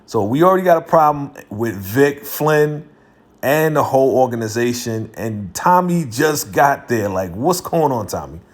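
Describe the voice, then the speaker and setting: A man's voice: mid-range voice, expressive, normal speed. A man hosting his own video, recapping a TV episode in a slangy, casual way and laughing between lines. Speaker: video host reviewing a TV episode.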